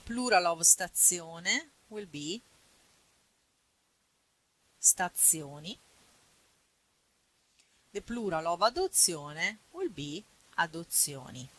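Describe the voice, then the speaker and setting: Slow, bright-voiced Italian-accented woman teacher. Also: fairly low pitch, big pitch swings, rough recording. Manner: patient, repeats words slowly. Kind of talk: classroom grammar lesson.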